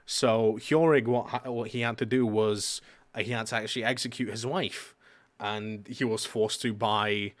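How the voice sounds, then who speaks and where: A man's voice: mid-range voice, a bit bright. A man chats casually on a live stream, rambling through his stories. He leans on fillers and restarts, and he swears offhandedly as he talks.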